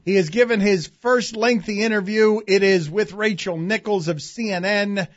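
A man's voice: high voice, steady tone, moderate pace, no room sound. A man hosting a sports radio show, chatting casually and joking with his co-hosts. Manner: joking, laughs often, leads the segment. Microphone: studio microphone. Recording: dull, lo-fi radio studio audio.

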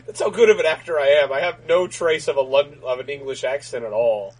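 Husky-voiced man rambling on a podcast. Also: a little high, fairly quick, darkish tone, low-quality recording. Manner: rambling, lots of fillers and laughter. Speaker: podcast co-host. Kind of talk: casual comedic banter.

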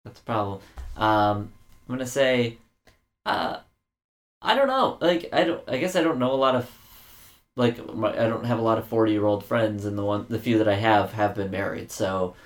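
A man's voice: fairly low pitch, expressive, normal speed. A man co-hosting a casual podcast, joking around and rambling with lots of fillers and restarts. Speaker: podcast co-host.

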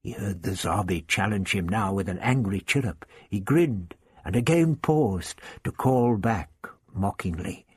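Husky male audiobook narrator. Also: on the low side, no echo. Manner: steady, measured storytelling. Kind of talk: scripted narration.

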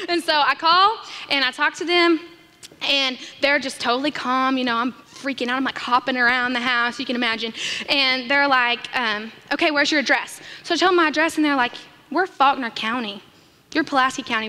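A young woman, a church missions director, telling an animated story from the stage and acting out the voices in it. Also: high-pitched, quick pace. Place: church sanctuary. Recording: long hall reverb.

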